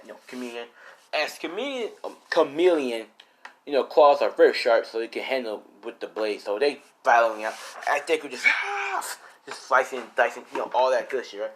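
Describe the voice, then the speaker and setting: A man's voice: medium pitch, fairly bright tone, slight background noise. A young man improvising a fan-fiction story, rambling and casual, swearing often and full of fillers.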